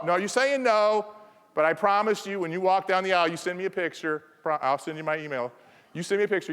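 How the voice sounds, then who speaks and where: A high, slightly bright male voice fills a reverberant conference hall. The speaker, from the American South, gives a playful keynote and teases those listening.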